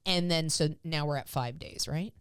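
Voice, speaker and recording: A woman's voice: low-pitched, moderate pace, clear, resonant tone, no echo, studio quality. A woman dog trainer co-hosting a podcast, explaining exercises in casual chat and acting out her dog's thoughts in playful voices.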